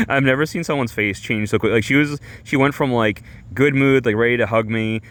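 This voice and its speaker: A man streamer telling a rambling comic story, halting and full of fillers and restarts. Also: mid-range voice, a bit bright. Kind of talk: rambling comedic monologue.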